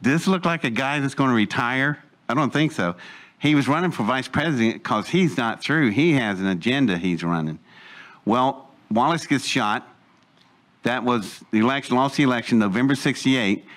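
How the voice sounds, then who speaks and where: A man's voice: medium pitch, lively intonation, moderate pace, fairly bright tone. Older man telling a rambling folksy story. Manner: rambling, folksy, acts out voices in quotes. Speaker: speaker telling his life story. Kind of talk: storytelling talk to an audience.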